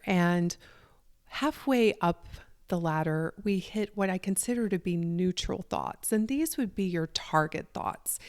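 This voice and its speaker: A woman in middle age with a Southern country accent hosts a solo podcast. Her voice sits on the low side, and she speaks in an earnest, conversational way. The recording is close and dry. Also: darkish tone, clean tone, no room sound. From Southern United States. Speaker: podcast host, life coach.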